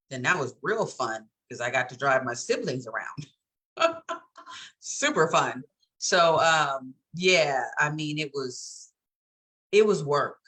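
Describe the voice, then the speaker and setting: Bright-voiced woman in candid chat. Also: deep voice. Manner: candid, storytelling, laughs often. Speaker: co-host. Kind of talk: casual chat.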